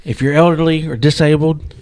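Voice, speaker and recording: A man's voice: on the high side, a little fast. Man telling a rambling story. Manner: animated storyteller acting out his own yelling. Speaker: podcast co-host. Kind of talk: casual storytelling chat.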